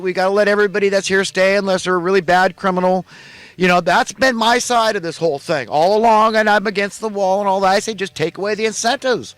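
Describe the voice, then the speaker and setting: Man, high voice, ranting preacher, indignant, dry close sound. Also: brisk, a bit bright, no echo. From California. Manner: ranting, indignant, repetitive emphasis. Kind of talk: impassioned monologue.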